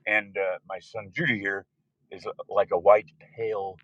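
A man hosting a loose, joking chat show, rambling and now and then bursting into loud put-on voices. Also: on the low side, little pitch movement, moderate pace, no echo, lo-fi sound. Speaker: podcast host. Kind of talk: rambling casual chat with listeners.

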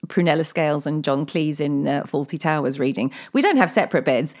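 A middle-aged woman with a slightly low voice chats on her own in a loose, meandering way. She strings anecdotes together and keeps breaking into laughter. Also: lively intonation, brisk, darkish tone. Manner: chatty, rambling anecdotes with frequent laughter. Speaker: podcast host. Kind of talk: casual solo chat.

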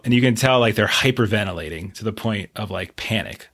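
Low-voiced man running a tabletop game. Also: brisk, few pauses, fairly bright tone. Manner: loose, repeating words and restarting. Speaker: game master.

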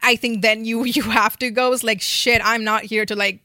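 A tired young woman hosting a podcast from her bed, chatting in a loose, rambling way full of "like" and swearing. Her voice is bright and sharp. The recording is dry and close. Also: fairly high pitch, steady tone, moderate pace, no echo. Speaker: podcast host. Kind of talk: casual chat.

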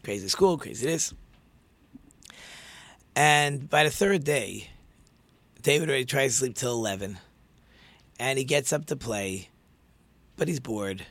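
A man's voice: mid-range voice, expressive, measured pace, pauses often, a bit bright, no echo. A man telling a story in a conversational sermon, with many fillers and restarts.

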